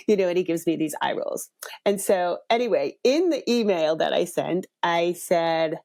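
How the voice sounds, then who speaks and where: A middle-aged woman hosting a podcast, telling a family story in a chatty way, laughing often and jumping up in pitch when she quotes people. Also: animated, moderate pace, gravelly, a little mellow. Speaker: podcast host. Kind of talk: casual storytelling.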